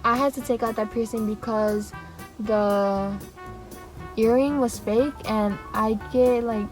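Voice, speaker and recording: A young woman tells a storytime in a rambling, animated way, acting out what everyone said. Her voice sits a little high, with soft music under it. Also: takes it slowly, rough recording. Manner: rambling and animated, with laughs and acted-out quotes. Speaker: vlogger. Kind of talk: casual storytime.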